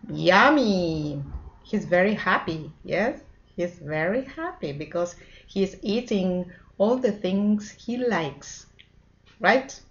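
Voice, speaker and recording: A woman whose first language is Spanish teaches English to children, her mid-range voice expressive and sing-song. She mixes Spanish with English and repeats words in a drawn-out way. The recording sounds dull.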